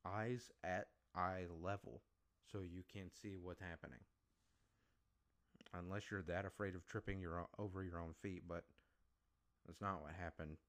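Deep-voiced man ranting with profanity. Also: fairly even intonation, moderate pace, pauses often, fairly bright tone. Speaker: podcast host. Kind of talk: solo podcast commentary.

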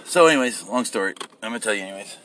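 A man telling a rambling, profane story in a casual, animated way, seated inside a vehicle. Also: lowish voice, racing, a little hiss or hum.

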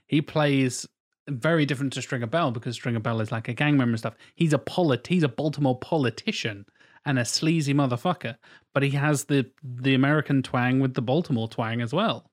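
A young man chatting casually on a podcast, telling stories with lively asides and acted-out quotes. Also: mid-range voice, fairly quick. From England. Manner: animated storyteller, acts out quoted voices, swears freely. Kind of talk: casual chat.

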